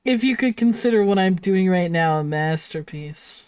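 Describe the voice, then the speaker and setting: A woman's voice: fairly low pitch, animated, moderate pace, darkish tone, clean tone. A woman livestreaming while she draws, chatting casually with her viewers, giggling often and apologizing playfully. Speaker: livestreamer drawing on stream.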